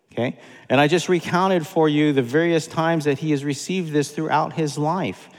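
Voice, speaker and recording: A man preaching a sermon, emphatic and repeating key phrases for weight. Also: mid-range voice. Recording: long hall reverb.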